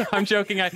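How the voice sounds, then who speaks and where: A man's voice: high-pitched, very noisy. A man hosting a survival game stream, chatting casually and teasing his friends on the server. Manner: joking, teasing banter. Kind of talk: casual gaming chat.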